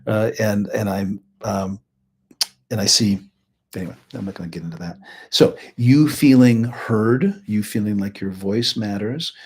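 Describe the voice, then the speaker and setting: A man's voice: on the low side, unhurried, darkish tone, slightly rough. A middle-aged man hosting a live teaching talk, chatty and rambling, with joking asides. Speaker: host and healing practitioner.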